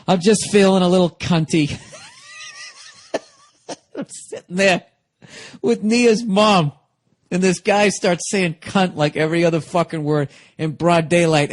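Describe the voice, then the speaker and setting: A middle-aged man, a comedian hosting his own podcast, telling a story in a casual, rambling monologue full of profanity. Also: a little high.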